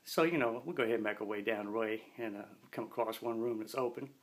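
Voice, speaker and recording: A man's voice: on the low side, quick pace. A middle-aged man telling a story in a casual, folksy, slangy way and often talking about himself in the third person.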